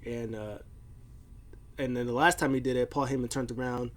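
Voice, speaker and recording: A man's voice: medium pitch, steady tone, normal speed. Rambling man recapping wrestling casually. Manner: rambling, filler-heavy storytelling. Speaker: wrestling show recap host.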